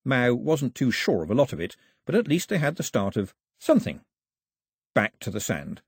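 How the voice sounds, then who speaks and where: A man narrating an audiobook in an expressive, storytelling manner on a close studio mic. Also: mid-range voice, moderate pace, breathy edge, dry recording. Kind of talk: scripted narration.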